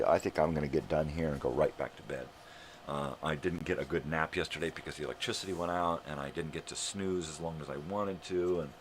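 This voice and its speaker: A man's voice: a bass voice, a little hiss or hum. An older American man hosting a live morning show, talking in a sarcastic, swearing rant. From United States. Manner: profane, ranting, heavy swearing; sarcastic, mocking.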